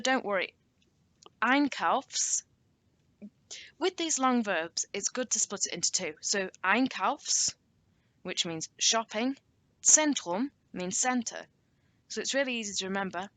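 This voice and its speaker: A woman teaches a recorded lesson, unhurried and deliberate, repeating each phrase for her listeners. Her voice is bright and clear, sitting at a middle pitch. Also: no echo. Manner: slow, careful teaching with repeated example phrases. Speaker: language teacher.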